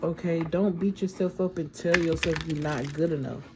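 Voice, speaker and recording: A woman's voice: sits low, steady tone, normal speed, noisy background. A woman giving a casual, affirming tarot reading and often checking in with "okay?". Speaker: tarot reader.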